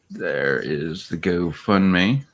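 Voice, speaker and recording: A man with a gravelly, husky voice chats on a home stream, chuckling a lot and cooing baby talk at his puppies. His pitch swings widely while he talks, and his pace stays slow and unhurried. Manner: laughs often, coos baby talk at puppies. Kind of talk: casual live stream chat.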